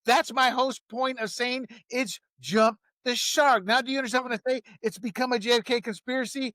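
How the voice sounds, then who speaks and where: A man's voice: very high voice, steady tone, normal speed, sharp tone, dry recording, studio quality. A man hosting a political commentary show, talking in a heated, emphatic way and laughing at his own jokes.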